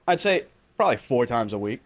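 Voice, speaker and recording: A man's voice: mid-range voice, very animated, brisk. A laid-back man co-hosting a podcast in casual chat, speaking frankly. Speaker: podcast co-host.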